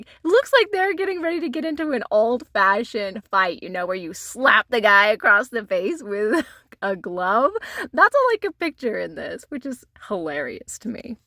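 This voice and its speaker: A woman's voice: medium pitch, pushed and bright, dry recording, clean studio sound. A woman chatting casually on her vlog as she shows tarot cards, giggling often and filling her talk with "like". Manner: giggly, laughs often while talking; chatty, many "like" fillers. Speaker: tarot vlogger. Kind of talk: casual show-and-tell chat.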